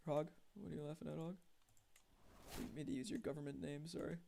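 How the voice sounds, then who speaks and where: A man's voice: fairly high pitch, fairly quick, gravelly, mellow, a little hiss or hum. A young man streaming a strategy game, chatting to his viewers, thinking aloud and getting easily exasperated. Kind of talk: casual gameplay commentary to chat.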